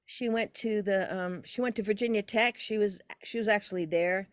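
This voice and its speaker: An older woman, a podcast guest, telling a long personal story in an animated way, her pitch leaping as she relives moments. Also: moderate pace, dry recording, clean studio sound. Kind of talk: casual storytelling interview.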